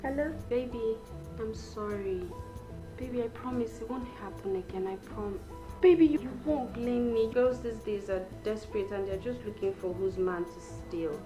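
A woman's voice: fairly high pitch, normal speed, music in the background, natural voice. An actress with a Nigerian accent playing a hurt young woman who complains about her boyfriend in a sulky voice. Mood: pleading. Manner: sulky, complaining then pleading.

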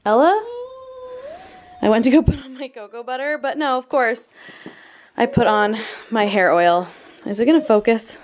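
A woman's voice: on the high side, normal speed, long pauses, slight background noise. A young woman chatting casually to her camera at home, giggly and apologetic as she catches viewers up. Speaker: family vlogger. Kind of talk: casual vlog chat to camera. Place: at home indoors.

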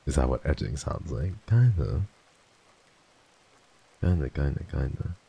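Deep gravelly playful male streamer. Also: a little fast, dark tone, highs cut off. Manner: playful, teasing, swears freely, slips into theatrical voices. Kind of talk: casual live-stream chat, thanking viewers. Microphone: desk microphone.

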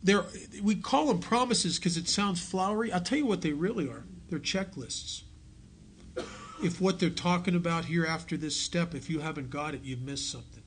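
A man speaks to a meeting about his recovery, telling his story in an earnest way and sinking to near quiet at the big moments. His voice sits a little high for a man. A faint hum of the room stays behind him. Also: normal speed. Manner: earnest storytelling, drops to a hush on key lines. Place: meeting hall.

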